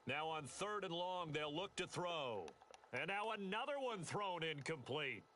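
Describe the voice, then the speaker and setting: A man voicing a steady male football play-by-play announcer in a video game, calling plays briskly and evenly. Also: fairly high pitch, slight background noise. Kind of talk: scripted sports commentary.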